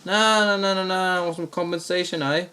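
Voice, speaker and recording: A brash young prank caller , put on by a man telling the story, with a fake Australian accent, pitched well above the teller's usual voice. He sounds crude and cheeky with a mock-innocent edge. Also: fairly even intonation, fairly quick, sharp tone. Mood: insistent. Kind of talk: comic storytelling with quoted voices.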